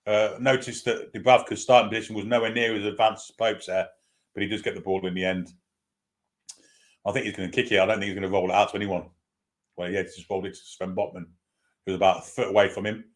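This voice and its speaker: A man's voice: fairly low pitch, level tone, fast talker. A man giving partisan live play-by-play commentary on a football match as a fan, with running asides.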